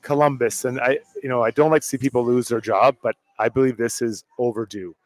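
A man's voice: mid-range voice, fairly even intonation, a little fast, no echo. A man co-hosting a sports talk show, giving plainspoken, opinionated hockey analysis. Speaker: co-host.

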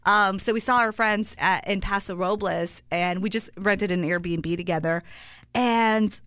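A young adult woman co-hosting a podcast, an expressive storyteller and reactive listener in casual chat. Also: mid-range voice, unhurried, clear, resonant tone, dry recording. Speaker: podcast co-host.

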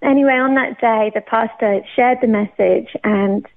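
A woman from England, telling her personal faith testimony in an animated way, laughing often and acting out her own thoughts. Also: on the high side, moderate pace, vocal fry. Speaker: churchgoer sharing her testimony. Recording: tinny phone-like sound.

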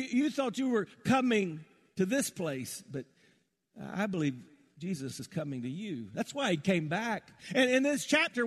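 Middle-aged man preaching a sermon, fairly high voice, long church-hall reverb, swings from rousing to hushed. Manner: passionate preaching, swinging from soaring highs to hushed tender lows. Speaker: pastor. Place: church sanctuary.

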